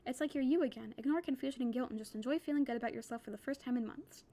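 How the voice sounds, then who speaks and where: Joy, an excited personified emotion, voiced by a woman reading aloud, speaks in a high, bright voice. The lines come fast and eager.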